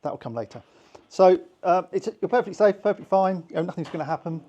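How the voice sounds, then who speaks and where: British male instructor, fairly high voice, chatty and informal, slips into quick character voices. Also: animated, warm tone, dull audio. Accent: British English. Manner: chatty, acts out little voices and scenes. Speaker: hypnosis instructor. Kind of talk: informal teaching to a small group.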